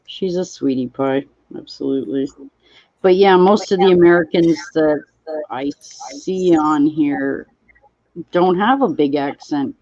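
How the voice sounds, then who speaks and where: A woman's voice: low voice, a little slow, a little mellow, dry recording, highs cut off. A woman hosting a live stream, chatting casually and reading out viewer comments as they come in. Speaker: livestream host.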